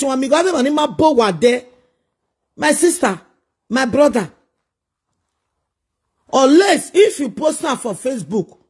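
A man's voice: very high voice, slightly rough. A man with a Nigerian accent delivering a preachy, scolding monologue full of repeated rhetorical questions. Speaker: social media commentator.

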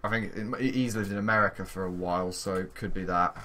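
A young man with a fairly low voice talks casually through a let's play, bossing his game characters around. His tone is easygoing and chatty, and he moves quickly from one idea to the next. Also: steady tone, sharp tone, a little hiss or hum. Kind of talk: casual gaming chat.

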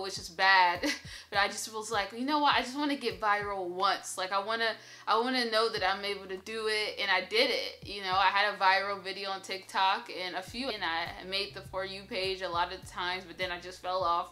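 Bright chatty young woman vlogging. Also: medium pitch, poor audio. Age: 20s. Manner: chatty and upbeat, laughs often. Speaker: YouTube vlogger. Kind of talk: casual get-ready-with-me chat. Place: her home at night.

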